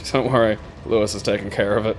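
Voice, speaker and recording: A man's voice: fairly low pitch, fairly even intonation, fast, a little hiss or hum. A man chatting casually over a video game, offering tips to his co-player and laughing easily. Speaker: let's play co-host. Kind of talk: casual gameplay commentary.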